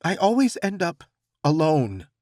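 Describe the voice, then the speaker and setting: A man's voice: on the high side, big pitch swings, moderate pace, no room sound, studio quality, voice pushed up. A man voicing a lovesick young man near tears. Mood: pleading. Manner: pleading, voice tight and warbling.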